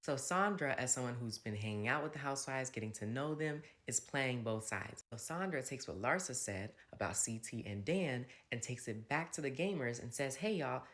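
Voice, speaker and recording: A man's voice: mid-range voice, expressive, moderate pace, hardly any pauses, fairly bright tone. A man talks through a reality TV episode in a casual recap. His delivery is chatty and gossipy, sprinkled with playful asides. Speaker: recap host.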